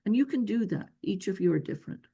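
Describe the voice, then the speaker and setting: Gravelly, husky woman giving earnest advice. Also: mid-range voice, expressive, fast talker, dark tone. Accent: non-local accent. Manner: earnest, repetitive, emphatic advice. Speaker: visa expert answering questions. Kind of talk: webinar Q&A advice.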